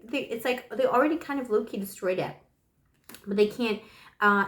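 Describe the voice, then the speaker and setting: A woman doing a casual tarot reading, chatty and affectionate with many pet names, her voice hoarse and broken by a dry cough after the flu. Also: mid-range voice, fairly bright tone, roomy sound. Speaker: tarot reader.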